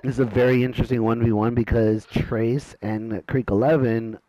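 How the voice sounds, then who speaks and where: A man doing casual, excitable commentary on an online game match, with loud exclamations at big plays. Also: mid-range voice, normal speed, no echo.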